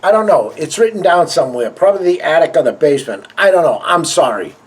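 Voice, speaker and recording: A man's voice: on the high side, lively intonation, fast, close to an everyday voice. A man playing a dense, secretive uncle. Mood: evasive. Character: dense, secretive man, a teen's uncle living alone in the woods. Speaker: uncle in a homemade film. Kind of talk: amateur film acting.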